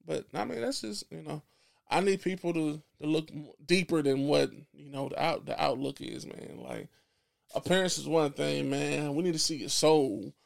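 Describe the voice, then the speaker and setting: A man's voice: fairly high pitch, normal speed, gravelly. A man talking bluntly and profanely in casual podcast chat, emphatic and preachy, restarting his phrases often. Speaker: podcast guest.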